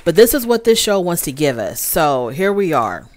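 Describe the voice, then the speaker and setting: A woman's voice: fairly low pitch, sing-song, normal speed, a little mellow, no echo. A woman hosting a casual recap of a reality show, chatting straight to her viewers and acting out what the cast said. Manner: chatty, addresses viewers as y'all, acts out quotes.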